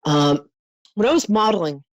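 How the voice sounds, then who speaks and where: A woman's voice: lowish voice, lively intonation, normal speed, no echo, low-quality recording. A middle-aged woman hosting a call-in psychic reading, talking earnestly and reassuringly with endearments and open emotion. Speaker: psychic host. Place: studio.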